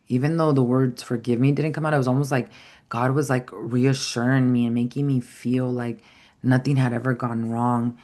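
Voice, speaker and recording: A woman's voice: extremely low pitch, fairly even intonation, normal speed, warm tone. A woman giving an earnest, heartfelt spiritual teaching talk, rambling at times with frequent fillers.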